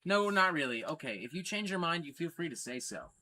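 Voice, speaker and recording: A man's voice: on the high side, very animated, a little fast, bright, forceful tone, slight background noise. A man hosting a casual livestream, talking enthusiastically and swearing freely. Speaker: livestream host.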